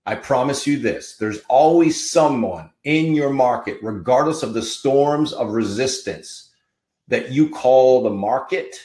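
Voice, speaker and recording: A man's voice: mid-range voice, darkish tone, echoey room. A man hosting a podcast, giving an emphatic, fired-up motivational monologue with punchy repetition. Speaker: podcast host.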